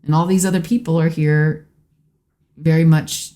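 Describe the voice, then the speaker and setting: Woman guest, low voice, earnest reflective delivery. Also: normal speed. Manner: earnest, reflective, quotes people in lively bursts. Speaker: podcast guest, host's wife. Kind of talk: casual conversation.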